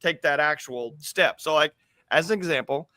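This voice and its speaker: An American man with school-age kids co-hosts a casual talk show, rambling and repeating words as he thinks aloud. His fairly high, sharp voice moves at a moderate pace, with no room sound.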